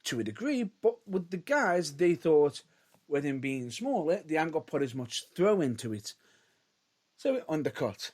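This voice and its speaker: Male podcast co-host, casual chat, hedges a lot, lively bouncing pitch. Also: moderate pace. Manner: hedging, restarts often, lively rises and drops.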